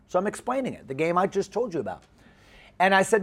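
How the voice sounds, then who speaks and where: Pastor, man, comic storytelling sermon, lively swooping pitch, rather high voice. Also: moderate pace, gravelly. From United States. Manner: animated, comic, repeats phrases.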